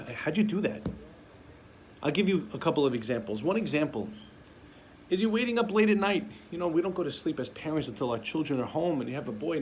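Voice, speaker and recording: A man's voice: on the high side, creaky, darkish tone, slight background noise. A man giving a sermon as a rabbi, telling stories and acting out the voices of parents and children. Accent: Sephardic-community American English.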